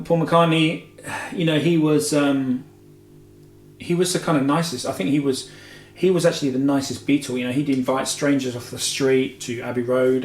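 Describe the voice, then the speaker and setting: Casual male host, mid pitch, meandering and chatty, recorded in an echoey room. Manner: rambling, heavy with filler "you know"s and self-corrections. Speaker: guitar show host. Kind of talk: casual Q&A chat. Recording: roomy echo with faint music.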